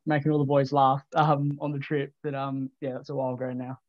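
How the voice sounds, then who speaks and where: A relaxed Australian junior footballer in his late teens chats casually as a podcast guest, talking fast with hardly any pauses but lots of ums, hesitations, and restarts. His medium-pitched voice stays mostly level, with little rise or fall. The recording is dry, echo-free, and a little dull, like a lo-fi capture.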